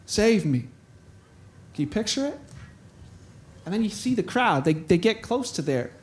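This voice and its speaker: A man's voice: sits high, big pitch swings, moderate pace. A man preaching a sermon in a casual, conversational way, acting out scenes and voicing characters in dialogue. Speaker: pastor.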